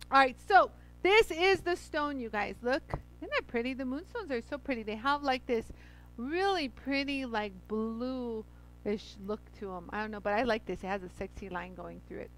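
A woman's voice: a little high, moderate pace, a bit bright, rough recording. A woman hosting a casual livestream, chatty and effusive, greeting viewers by name as she demos grinding a stone. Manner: laughs often. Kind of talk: casual livestream chat and demo.

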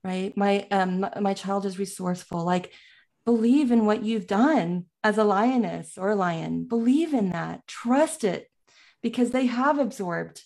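A woman's voice: medium pitch, unhurried, gravelly, a little mellow. Woman guest coach, heartfelt and earnest, laughs a lot. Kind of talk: casual chat.

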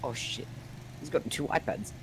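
Teasing young man gaming with friends. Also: normal speed. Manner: playful, teasing, stammering restarts. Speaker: friend playing along. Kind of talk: casual gaming chat. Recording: faint background noise.

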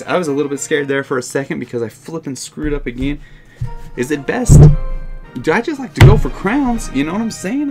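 A man giving casual live commentary on his own gameplay, excitable and quick to laugh or vent. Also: medium pitch, slight background noise. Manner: excitable, swings to frustrated outbursts and laughter; casual, says "oh my heck" and "dude". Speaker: gaming channel host.

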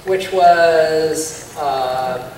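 A man's voice: on the high side, drawn-out words, a little mellow. A man moderating a convention panel in a casual, encouraging way, heard from far off in a large hall. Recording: echoey hall from far off, some noise.

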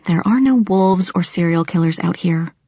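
A woman's voice: lowish voice, moderate pace, mellow, slightly rough, no echo. Woman voicing a snappish teenage farm girl. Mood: uneasy. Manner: indignant, snappish. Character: stubborn teenage farm girl, quick-tempered and defensive. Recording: dry, slightly muffled.

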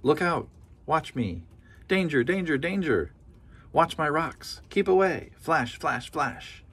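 A man's voice: fairly high pitch, sing-song, fast talker, creaky, far from the mic, voice pushed up, heavily acted. A man voicing a small, proud and jolly lighthouse in a storybook, calling out warnings in short bursts.

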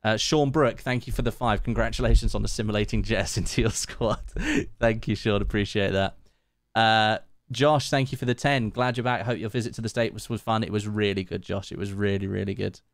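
Guy on a game stream, bit low voice, dry close sound, chatty, thanking chat. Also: brisk, no echo. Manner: chatty, thanks viewers one by one, laughs often. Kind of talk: casual live-stream chat while gaming.

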